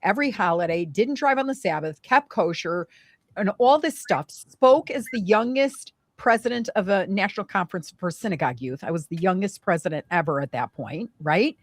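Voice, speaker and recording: A young adult woman telling a painful personal story in conversation, emotional and animated, with many fillers. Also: fairly low pitch, normal speed, dry recording. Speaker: guest.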